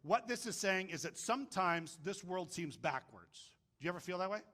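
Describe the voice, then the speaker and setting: A man's voice: high voice, normal speed. A man preaching a casual, joking sermon, telling stories and doing voices for the people in them. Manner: jokey, animated storytelling with voices. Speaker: pastor.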